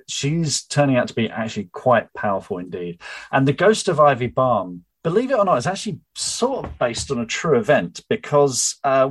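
Husky-voiced man reading his novel aloud. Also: medium pitch, low-quality recording. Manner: chatty and upbeat, with small restarts. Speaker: author.

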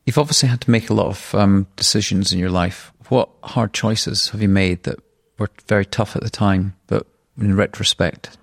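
Low raspy host guy firing off short questions, dry sound. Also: fairly even intonation, dry recording. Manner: brief, asks quick-fire questions. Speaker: podcast host. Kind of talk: interview questions.

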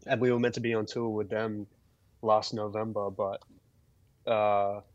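A man who is a guest musician telling stories in a casual podcast chat, laid-back and quick to laugh. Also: on the low side, little pitch movement, dry recording, muffled recording.

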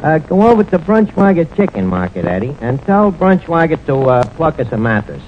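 A brash wisecracking tavern manager. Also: male voice, fairly high pitch, big pitch swings, a little fast. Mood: fumbling, boastful. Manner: mangled words, rambling with many uh fillers. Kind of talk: 1940s radio sitcom acting. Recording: dull noisy 1940s radio transcription.

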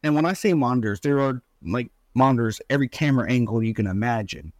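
Middle-aged man, casual animated storyteller, dry sound. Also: fast talker, no room sound. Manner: animated, acts out quotes with pitch jumps. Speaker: father telling a story.

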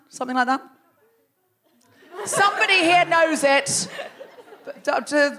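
Woman, high voice, comedy host, live theatre stage, playful teasing, laughing banter. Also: lively intonation, slow pace, pauses often, a bit bright, a little hiss or hum. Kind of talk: live stand-up audience banter. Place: large theatre before a live audience.

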